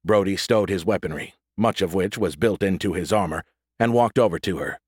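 A man narrating a science fiction audiobook in a steady, expressive reading. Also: sits low, a little fast, slightly rough, no room sound, studio quality. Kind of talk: scripted narration.

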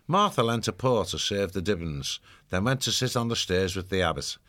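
A man reading a children's fantasy novel aloud as the narrator, in an even storytelling delivery. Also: lowish voice, moderate pace. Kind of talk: scripted audiobook narration.

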